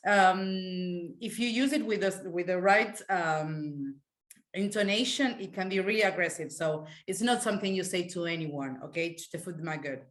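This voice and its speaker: Woman teacher explaining slang in a webinar, chill and a bit halting, echoey room. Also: on the low side. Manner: relaxed, explanatory, hesitant with fillers. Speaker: language teacher. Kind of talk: live online class.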